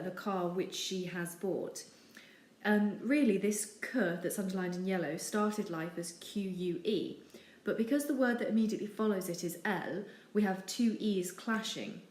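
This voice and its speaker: A woman teaching over slides, with a steady, patient delivery and frequent ums. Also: mid-range voice. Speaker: French teacher. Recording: echoey room with faint noise.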